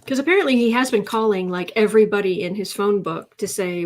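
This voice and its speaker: A woman's voice: mid-range voice, fairly quick. A woman hosting a live tarot stream, chatty and emotional, teary at times, reading out viewer comments. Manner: emotional and chatty, many restarts.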